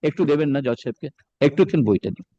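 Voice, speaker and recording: A man with a high-pitched voice and makes a courtroom argument, reading documents aloud to the bench with deference. The sound is dry and close, with no room reverb. He addresses the court with steady formality. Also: very fast, highs cut off. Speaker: advocate.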